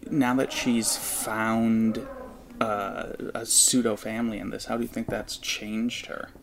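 A man's voice: fairly low pitch, flat delivery, takes it slowly, gravelly. A man hosting a podcast, asking rambling, hedging interview questions on a film set. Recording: noisy on-set recording.

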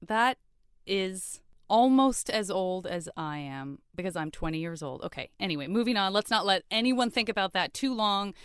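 Smooth-voiced, playful woman podcast host. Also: medium pitch, animated, normal speed, dry recording, studio quality. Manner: playful and self-mocking. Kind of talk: casual podcast hosting.

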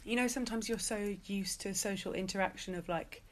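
A woman from England chatting casually on a podcast and chiming in with quick reactions. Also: mid-range voice. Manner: reacts with short interjections. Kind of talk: casual chat.

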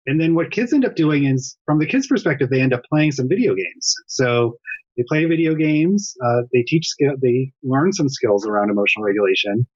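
A man's voice: mid-range voice, animated, fairly quick, highs cut off. A middle-aged man, a developmental psychologist, explaining his work earnestly as a guest in a remote interview from home. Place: home during lockdown.

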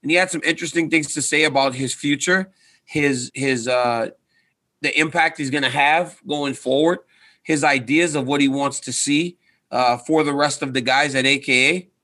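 Earnest man with a bright voice. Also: mid-range voice. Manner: earnest, repeats "right?" for emphasis. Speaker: retired fighter and coach, guest. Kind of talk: casual interview talk.

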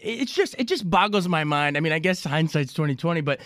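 Man interviewer, higher voice with a lively pitch, dry close sound, faint music behind at times. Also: brisk, no echo. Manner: animated, chuckles between questions. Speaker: podcast host and interviewer. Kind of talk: interview and podcast outro.

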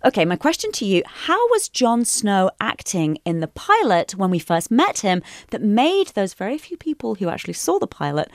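Lively woman running a quiz on a podcast, teasing, dry studio sound. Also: medium pitch, moderate pace, hardly any pauses, no echo. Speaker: quiz host. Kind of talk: casual podcast quiz chat.

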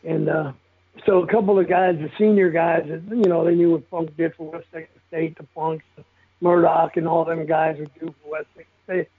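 Gravelly older man on a tinny phone line. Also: a little high, flat delivery, normal speed. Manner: blunt, profane, chuckling often. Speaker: guest telling stories of his football days. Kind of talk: casual storytelling interview.

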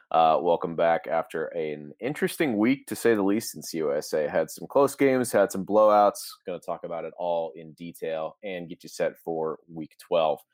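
Low-voiced man hosting a sports podcast. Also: a little mellow, dry recording, clean studio sound. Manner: conversational, easygoing, frequent "uh" fillers. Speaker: podcast co-host. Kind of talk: casual sports podcast chat.

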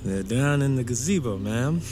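A man's voice: medium pitch, lively intonation, normal speed, background noise, lightly acted. A man playing a polite young servant from the South, with a Southern US accent, speaking deferentially in an audio drama.

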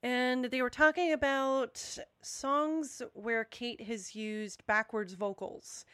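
Smooth, higher-pitched woman chatting. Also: fairly even intonation, takes it slowly, a bit bright, no room sound. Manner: rambling, many restarts. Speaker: music podcast panelist. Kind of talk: casual chat.

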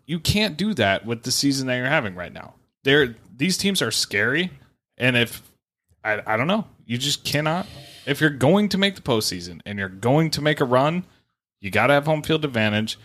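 A man talks baseball on a casual podcast in a middle-pitched voice. He is emphatic and hammers his points home, swearing for stress. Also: very animated, normal speed, a bit bright. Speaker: podcast co-host. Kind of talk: casual sports talk.

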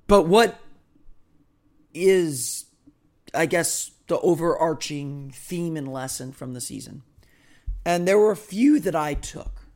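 Male podcast host, hoarse throughout, slightly high voice, rambling and self-deprecating. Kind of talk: casual solo podcast talk.

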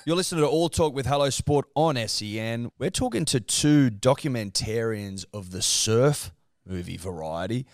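A man's voice: mid-range voice, expressive, normal speed, no echo, studio quality. A man hosting a sports talk radio show, introducing guests and reacting with short interjections. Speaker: podcast host.

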